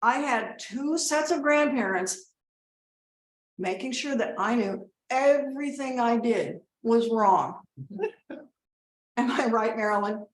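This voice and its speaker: A woman's voice: a little high, lively intonation, slow pace, pauses often. An actress playing a rambling middle-aged mother giving a wedding toast, who keeps breaking off to scold and coax her family. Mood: chatty. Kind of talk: comedic monologue. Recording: roomy echo.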